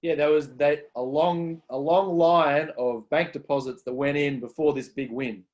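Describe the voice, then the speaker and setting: A man co-hosting a casual podcast, explaining ideas in an earnest, measured way. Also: a little high, fairly even intonation, darkish tone. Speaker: co-host.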